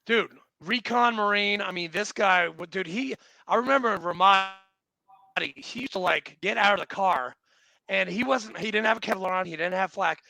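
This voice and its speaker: Brief: male guest in his forties, high bright voice, laid-back profane stories. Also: normal speed, creaky, no echo, rough recording. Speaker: podcast guest; Marine veteran. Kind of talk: casual war-story chat.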